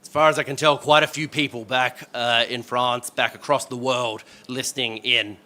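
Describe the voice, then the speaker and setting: A man's voice: mid-range voice, moderate pace. Upbeat Australian man moderating a panel. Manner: energetic, self-deprecating, joking. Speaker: event moderator.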